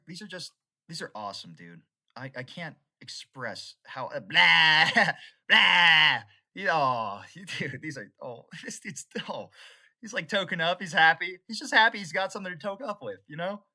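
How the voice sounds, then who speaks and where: A young man rambling unscripted on camera, laughing and swinging from excited outbursts to mock-solemn musings. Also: on the high side. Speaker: YouTuber. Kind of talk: unscripted rambling vlog commentary.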